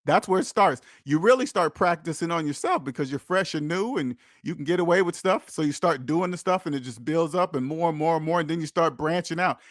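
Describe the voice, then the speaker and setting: Here a finance host lectures his viewers in a preachy direct-to-camera talk, repeating himself heavily for emphasis. His slightly high male voice moves fairly quickly with hardly any pauses, and the dry, close recording has no echo.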